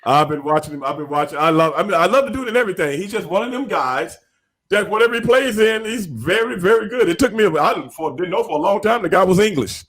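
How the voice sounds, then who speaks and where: A man's voice: sits high, lively intonation, fast, a bit bright. A man hosting a podcast in casual interview chat, talking in an emphatic, repetitive, slangy way. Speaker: podcast host.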